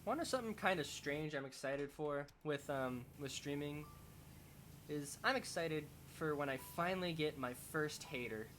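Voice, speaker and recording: A man's voice: on the high side, expressive, moderate pace, fairly bright tone, slight background noise. A young man streaming a game, chatting casually and rambling as he thinks aloud, often restarting his sentences. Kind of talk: casual chat while playing a game.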